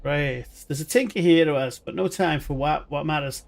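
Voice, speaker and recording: Streamer, man, gravelly and a bit high, rambling chat with viewers. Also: moderate pace. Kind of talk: live gaming stream commentary.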